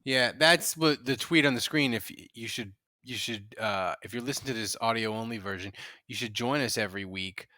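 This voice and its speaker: A man's voice: medium pitch, a little fast, bright, forceful tone, dry recording, clean studio sound. A man hosting a casual sports podcast, asking long rambling questions with lots of energy. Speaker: podcast host.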